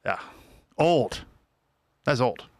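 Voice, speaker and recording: A man's voice: mid-range voice, animated, extremely slow. A man who is a comedian hosts a podcast, trading teasing banter in casual chat.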